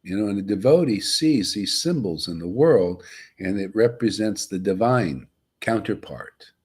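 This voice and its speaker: A man's voice: fairly low pitch, lively intonation, a little slow, a little mellow, slightly rough. A man giving an informal, emphatic spiritual talk to a group, folksy and chuckling, often asking "see?". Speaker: spiritual teacher.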